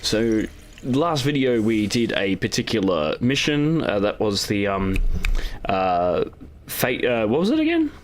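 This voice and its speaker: A man's voice: on the low side, expressive, takes it slowly. Rambling man narrating his gameplay. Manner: rambling, many fillers and restarts. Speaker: gaming channel host. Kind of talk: casual gameplay voiceover.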